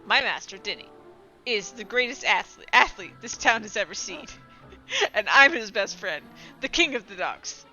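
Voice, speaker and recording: A woman doing a rough, cocky male dog. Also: medium pitch, lively intonation, moderate pace, sharp tone, poor audio. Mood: impatient. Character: rough-talking male dog, proud and impatient. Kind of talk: voice acting a video game. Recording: clear music behind.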